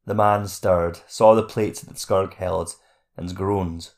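A man narrating a fantasy audiobook chapter in a steady, measured reading voice. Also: low-pitched.

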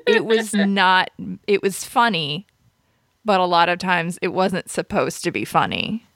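A woman's voice: lowish voice, expressive, a little slow, a bit bright, no room sound, studio quality. A woman hosting a podcast, chatting casually about a movie, rambling, laughing often and restarting her sentences. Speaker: radio and podcast host.

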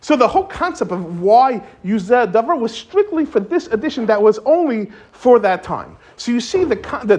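A man, a rabbi, giving an informal weekly Torah talk, explaining the texts in a conversational way and quoting commentators in lively paraphrase. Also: very high-pitched.

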